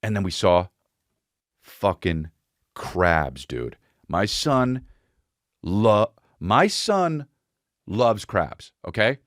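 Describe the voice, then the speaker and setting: Low-voiced man riffing on a podcast. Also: very animated, extremely slow, pauses often, a bit bright, dry recording, studio quality. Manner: rambling, profane, mimics voices and sounds. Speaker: podcast host. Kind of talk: casual comedic monologue.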